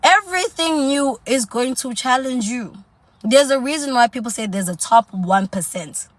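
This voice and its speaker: A woman's voice: on the high side, animated, normal speed, dry recording. Woman livestream host, casual coaching talk, sassy and chatty, quips at commenters. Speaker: self-improvement livestream host.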